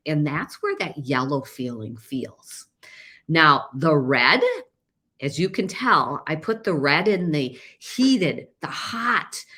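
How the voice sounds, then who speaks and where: A woman's voice: low-pitched, a bit bright. A middle-aged woman hosting a solo podcast, explaining things earnestly and often restarting or repeating her words. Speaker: podcast host and caregiver coach.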